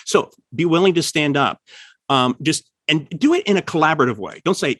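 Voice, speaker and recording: Lively, husky-voiced man giving writing advice. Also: a little fast, no room sound. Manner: animated, acts out quoted lines with pitch jumps. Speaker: writer and podcast host. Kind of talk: casual podcast chat giving writing advice.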